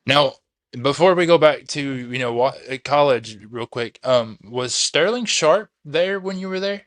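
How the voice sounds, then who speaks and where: A man's voice: medium pitch, expressive, measured pace, a bit bright, no echo. A man hosting a casual interview, loose and conversational, often repeating himself. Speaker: interview host.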